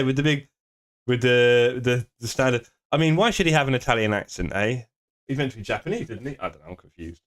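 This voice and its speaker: Man, sim racing streamer, casual banter with chat, joking, laughs often, desk mic at home. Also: medium pitch. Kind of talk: casual live-stream chat reading viewer comments. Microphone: desk streaming microphone.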